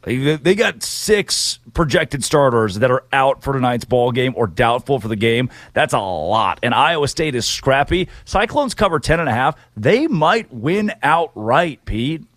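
A man's voice: medium pitch, animated, normal speed, hardly any pauses, a bit bright, no room sound. A man hosting a sports talk show, brash and joking as he gives his picks. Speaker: sports radio host.

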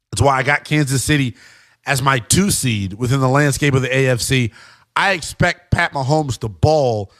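Animated, bright-voiced male football pundit. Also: on the high side. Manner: emphatic, animated, addresses viewers as guys and y'all. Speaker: sports commentator. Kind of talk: football analysis monologue.

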